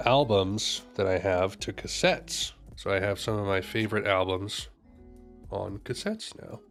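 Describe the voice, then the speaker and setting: A young man with a fairly low voice chats casually, wandering from point to point and correcting himself mid-sentence. He drops joking asides as he goes. Music plays faintly behind him. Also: fairly bright tone. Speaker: music reaction streamer. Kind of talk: casual chat.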